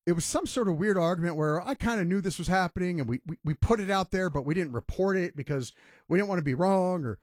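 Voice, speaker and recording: A man's voice: sits high, quick pace, dry recording, studio quality. A man hosting a sports talk radio show, ranting emphatically and mocking others in voiced quotes.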